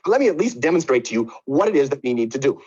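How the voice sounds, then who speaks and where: A man's voice: mid-range voice, sing-song, racing, dark tone, husky. A man voicing a pompous factory manager who lectures his workers in a condescending, over-explaining way, on muffled lo-fi audio.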